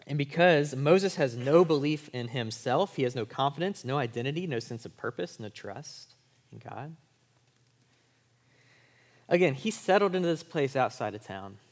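A man preaching a sermon to college students. His voice sits at an average pitch and his delivery is informal and conversational. He keeps the listeners with him by asking "right?". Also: animated, moderate pace. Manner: speaks to college students in everyday language. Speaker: pastor.

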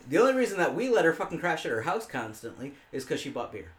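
A man's voice: fairly high pitch, sing-song, fast, reverberant. A young man telling crude, profane stories in a casual chat among friends. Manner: crude storytelling, heavy swearing.

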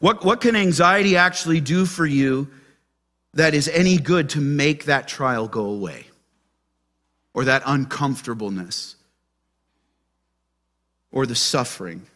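A man preaching a sermon to his church, asking the congregation questions and shifting between loud emphasis and soft, gentle asides. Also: on the high side, measured pace, pauses often. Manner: animated, asks the congregation questions. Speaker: pastor.

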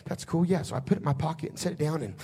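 High-voiced preacher, folksy and fervent. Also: male voice, racing, breathy edge. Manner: folksy storytelling that builds to shouted preaching. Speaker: pastor. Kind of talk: storytelling sermon.

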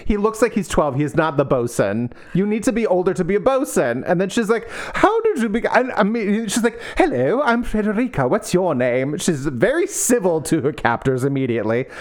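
A woman's voice: fairly low pitch, very animated, fairly quick, hardly any pauses, a little mellow. A woman co-hosting a podcast, recapping a book in casual chat with wry, sarcastic asides. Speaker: podcast co-host.

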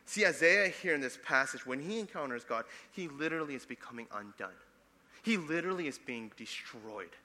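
A young adult man, a pastor preaching a sermon, swinging between loud emphatic passages and soft hushed ones. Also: mid-range voice, lively intonation, fairly quick, in a large hall.

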